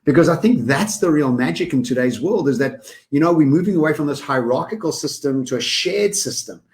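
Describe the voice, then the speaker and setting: A man co-hosting a podcast in casual conversation, energetic and given to quick lists. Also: on the high side. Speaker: podcast co-host.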